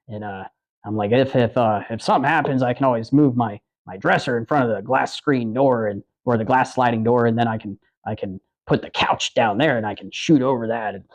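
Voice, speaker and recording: A man telling loose, profane stories on a livestream, jumping between asides and acted-out quotes. His voice sits at a middle pitch. The sound is dull and lo-fi, like cheap stream audio. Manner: rambling, animated, profane anecdotes with acted-out quotes. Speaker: podcast host on a livestream. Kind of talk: casual storytelling chat.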